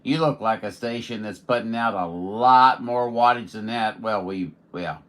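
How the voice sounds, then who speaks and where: A man's voice: fairly low pitch, unhurried, fairly bright tone. A man from Missouri, a radio operator chatting in a casual, folksy, joking way with other stations. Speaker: radio operator streaming contacts. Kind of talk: casual ham radio chat.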